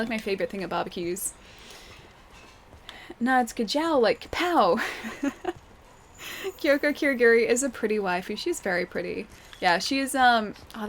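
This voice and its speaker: A woman's voice: mid-range voice, a little fast, a little hiss or hum. A young woman chatting casually while live-streaming a game and reading chat. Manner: chatty, giggly, reads chat aloud.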